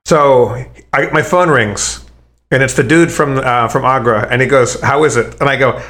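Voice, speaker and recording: A man's voice: mid-range voice, normal speed, sharp tone, soft background music. A man in casual chat, rambling with many restarts and swearing freely as he tells food stories.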